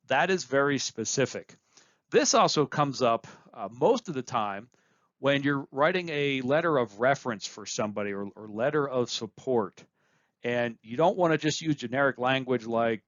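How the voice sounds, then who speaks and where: A male lecturer delivers a recorded course lesson in a plain, instructive way, often repeating a phrase to drive it home. His voice sits at an ordinary pitch for a man. The audio is dry, with a slightly muffled, lo-fi edge. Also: animated, moderate pace, dry recording.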